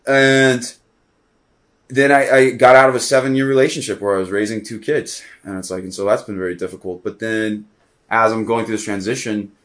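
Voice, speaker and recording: A man talking as a podcast guest in a casual conversation, rambling and animated, with lots of fillers. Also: on the low side, fairly quick.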